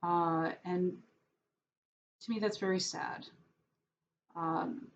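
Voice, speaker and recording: Slow, wry New woman vlogging. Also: lowish voice, vocal fry. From New York. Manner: hesitant, many fillers and restarts; wry, self-deprecating sarcasm. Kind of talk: casual rambling monologue. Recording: dull lo-fi audio with faint background noise.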